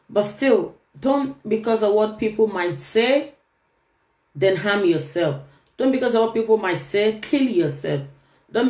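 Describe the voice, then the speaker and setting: A woman's voice: medium pitch, darkish tone. Woman doing a relationship talk, earnest and emphatic, says things twice, echoey room. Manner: emphatic, repeats key phrases. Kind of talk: earnest motivational talk to camera. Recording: roomy echo.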